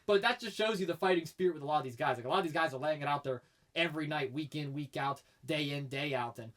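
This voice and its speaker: A young man swapping stories on a casual podcast. He talks fast and animated, and his voice leaps up when he quotes people. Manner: animated storyteller, jumps high when quoting people. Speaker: podcast co-host, wrestling commentator. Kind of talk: casual chat.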